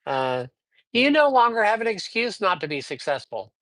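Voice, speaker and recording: A man's voice: high-pitched, big pitch swings, normal speed, a bit bright, dry recording. A man doing a livestreamed card reading, upbeat and chatty, rambling a little and greeting viewers by name. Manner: rambling, with frequent fillers. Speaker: psychic reader. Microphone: livestream microphone.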